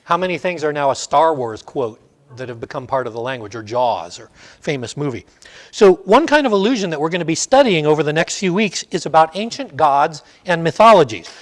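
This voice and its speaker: Middle-aged man, Sunday school teacher, animated storytelling voice, fairly high. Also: fairly quick. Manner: storytelling, asks the class questions. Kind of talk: classroom teaching.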